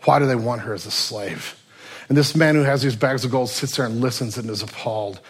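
Husky-voiced preacher telling a story. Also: male voice, mid-range voice, brisk. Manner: storytelling, swings from loud to near whisper. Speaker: pastor. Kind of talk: sermon.

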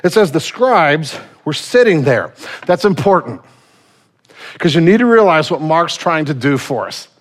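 A male pastor preaching a sermon in a casual, animated storytelling manner. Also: fairly high pitch, measured pace.

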